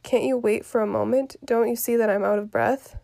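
A woman reading the part of a fussy, complaining old nursemaid aloud from a play, grumbling in a quiet voice. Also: on the high side, steady tone, fairly quick, vocal fry.

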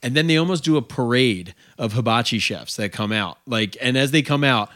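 A man's voice: mid-range voice, animated, fairly quick, a bit bright. A man telling a rambling, funny anecdote in casual podcast chat. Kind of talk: casual comedic storytelling.

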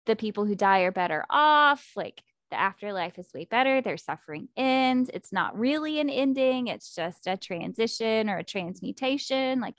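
A woman in casual chat, excitedly recapping a book plot and acting out the characters' lines. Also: medium pitch, dry recording, studio quality. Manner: animated, acts out character quotes, fillers like 'like' and 'um'.

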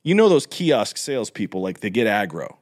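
A young man hosting a casual chat, telling animated stories and slipping into put-on voices for quotes. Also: fairly low pitch, fairly quick. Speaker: podcast host.

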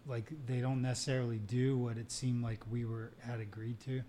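A man's voice: medium pitch, little pitch movement, fairly quick, dark tone. Laid-back male co-host, faint hiss. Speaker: podcast co-host. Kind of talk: casual chat.

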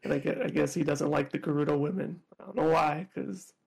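Podcast co-host, male, raised pitch with gravel, casual and laughing, stumbles and restarts. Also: fairly even intonation, a little mellow. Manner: laughs often, halting restarts. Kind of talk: casual chat.

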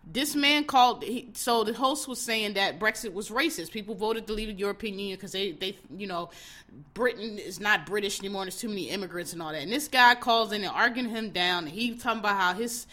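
Woman doing her solo podcast, bright forceful voice, blunt, animated, talking right to y'all. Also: mid-range voice, brisk. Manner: animated, blunt, talks straight to listeners. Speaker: podcast host. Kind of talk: casual solo commentary.

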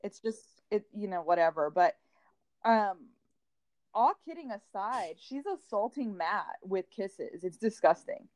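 A woman's voice: mid-range voice, lively intonation, unhurried, a little mellow, dry recording, studio quality. A woman co-hosting a casual chat show, talking bluntly and profanely while gossiping about a reality dating series. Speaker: podcast co-host.

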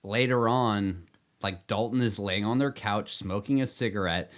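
Joking man with a low voice. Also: moderate pace. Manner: joking, laughs often, dry asides. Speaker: podcast co-host. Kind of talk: casual chat about a film.

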